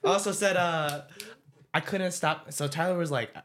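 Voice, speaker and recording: A man's voice: fairly high pitch, moderate pace, fairly bright tone. A young man telling stories in a casual chat with friends, slangy and laid-back, laughing often. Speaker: podcast co-host.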